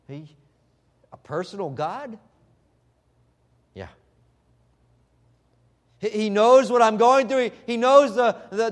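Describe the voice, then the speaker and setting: A man preaching a sermon. He swings from loud, emphatic stretches to hushed, intimate appeals, and he often repeats words as he restarts a phrase. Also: high voice.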